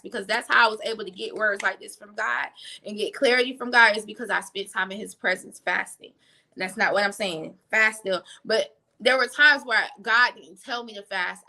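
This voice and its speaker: Bright, gravelly-voiced woman preaching casually. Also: mid-range voice. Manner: animated, with slang asides and quick restarts. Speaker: faith teacher. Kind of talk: conversational preaching.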